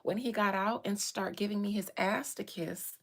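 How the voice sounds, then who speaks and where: A woman speaks, pouring out a personal story in an impassioned way. She hammers points home by repeating phrases, at a middle pitch for a woman. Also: fairly even intonation, normal speed.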